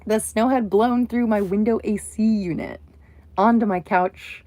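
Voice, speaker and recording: A woman's voice: medium pitch, steady tone, unhurried, warm tone, no echo. A woman hosting a casual livestream from home, telling a rambling story full of asides. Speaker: livestream host.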